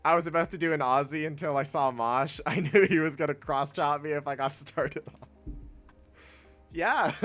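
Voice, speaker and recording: A young man casually chatting with his chat while playing a video game, laid-back and quick to laugh. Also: on the high side, fairly bright tone, faint music behind. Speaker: streamer.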